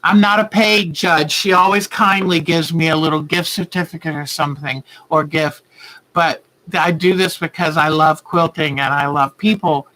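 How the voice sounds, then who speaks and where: A woman's voice: deep voice, fairly even intonation, normal speed, fairly bright tone, rough recording. A woman hosting a quilting livestream, telling a story in a heartfelt, earnest way. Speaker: quilting show host.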